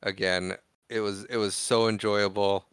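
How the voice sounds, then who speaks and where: A man's voice: on the low side, level tone, measured pace, a bit bright, clear, resonant tone, no echo. A man co-hosting a podcast, retelling film scenes in casual chat and acting out the lines. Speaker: podcast co-host.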